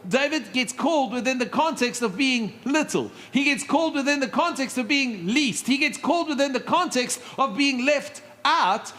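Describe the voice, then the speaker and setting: Bright high-voiced male pastor preaching. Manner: lively storytelling with asides and humor. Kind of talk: sermon. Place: church stage.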